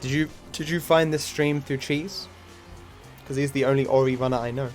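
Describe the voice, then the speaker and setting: A man's voice: medium pitch, steady tone, normal speed, soft background music. A man commentating his own speedrun on a livestream, swearing often and chatting to viewers, frustrated and self-mocking. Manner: swears often, talks to chat between attempts. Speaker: speedrunning streamer. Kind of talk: live gameplay commentary.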